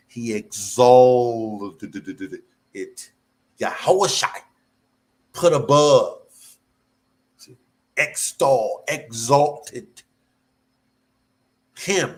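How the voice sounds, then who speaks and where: A man preaching a sermon, fervent and repetitive, breaking into sudden high whoops. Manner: slow and drawn out.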